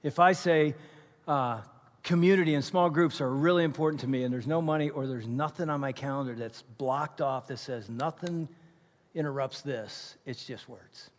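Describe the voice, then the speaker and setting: Animated middle-aged pastor preaching. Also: male voice, a little high, moderate pace. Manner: animated, conversational preaching with asides to the crowd. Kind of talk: sermon. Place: large church auditorium. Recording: reverberant church auditorium.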